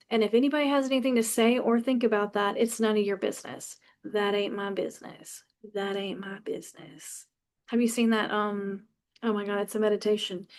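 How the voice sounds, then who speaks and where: Her pitch sits fairly high as this fifties-aged podcast host delivers a frank, personal monologue. She speaks passionately and bluntly, curses often, and keeps starting her sentences over.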